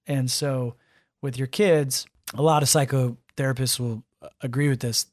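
A little slow and mid-range in pitch, this American dad is a podcast guest in a casual interview. He tells stories animatedly, performing the quotes within them.

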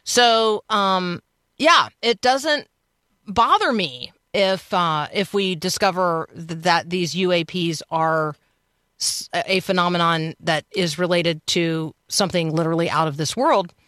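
A woman's voice: on the low side, measured pace, fairly bright tone, dry recording, studio quality. A woman hosting a morning radio talk show, chatting casually and thinking aloud with fillers.

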